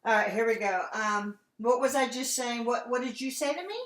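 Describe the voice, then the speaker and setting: A woman's voice: a little high, normal speed, a bit bright. A woman teaching an online singing lesson, coaching and singing short lines to show how. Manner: demonstrates lines by singing them. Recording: echoey room over a video call.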